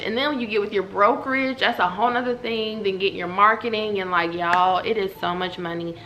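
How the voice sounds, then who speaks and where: A woman, telling a story to her viewers at home in a lively, chatty way. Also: medium pitch, fairly quick, hardly any pauses, slight background noise. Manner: animated, chatty, talks straight to viewers. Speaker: vlogger. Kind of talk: casual storytelling to camera. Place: at home indoors.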